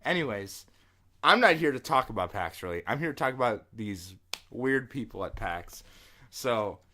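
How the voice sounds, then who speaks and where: A young man co-hosting a casual podcast, telling stories in an animated way, swearing and laughing often. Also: mid-range voice, moderate pace. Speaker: podcast co-host.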